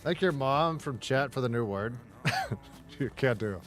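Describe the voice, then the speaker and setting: A man's voice: medium pitch, expressive, a little slow, fairly bright tone, soft background music. A man streaming a game, rambling in casual chatter, swearing and laughing often.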